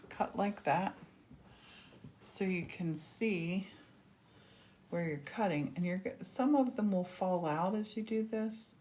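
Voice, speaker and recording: A woman's voice: lowish voice, dark tone, a little hiss or hum. A woman hosting a casual crafting demonstration, chatty and gushing as she works. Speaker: craft host.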